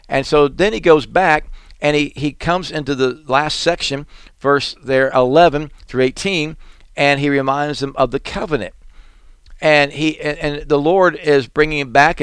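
A male preacher with a high-leaning, clear, resonant voice delivers a sermon, chanting litanies and reading scripture aloud. His phrasing is rhythmic and repetitive, his volume swelling and falling, with no echo in the recording.

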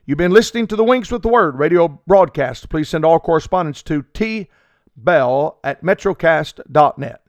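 A man preaching a radio sermon, halting with frequent filler sounds and rising to emphatic appeals. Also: a little high, lively intonation, no room sound.

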